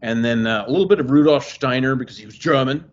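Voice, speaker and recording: A man in casual conversation as a podcast guest, telling stories with lively, acted-out quotes. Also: mid-range voice, quick pace. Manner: animated storyteller, acts out quoted voices. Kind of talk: casual chat. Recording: dull lo-fi audio.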